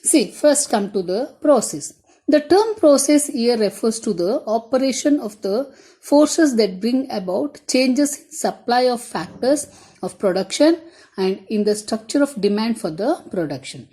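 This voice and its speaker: A woman's voice: fairly high pitch, expressive, measured pace, mellow, breathy edge. A woman teacher, whose first language is Tamil, giving a classroom lecture. She repeats her key points and speaks straight to her students.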